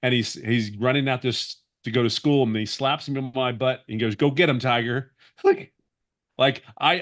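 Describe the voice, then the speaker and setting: Earnest man in his fifties. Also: mid-range voice. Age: 50s. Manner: earnest, rambling, with many restarts. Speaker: webinar guest sharing his story. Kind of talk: personal testimonial on a webinar.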